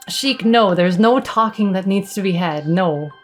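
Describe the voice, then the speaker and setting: A woman with a medium-pitched voice streams a visual novel, reading it aloud and reacting as she goes. She giggles often and gets flustered, dropping playful asides between the lines. Faint music plays underneath.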